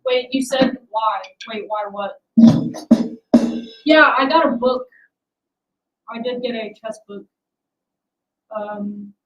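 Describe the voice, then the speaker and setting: A woman's voice: on the high side, highs cut off. A young adult woman hosting a casual livestream, rambling and self-deprecating as she chats with her viewers. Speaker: livestream host.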